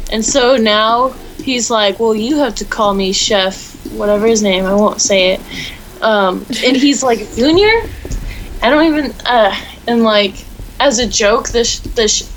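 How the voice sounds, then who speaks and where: A woman's voice: a little high, a bit bright, a little hiss or hum, rough recording. A teenage girl co-hosting a casual podcast, telling a long rambling story full of fillers. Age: teens. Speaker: podcast co-host. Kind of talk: casual chat.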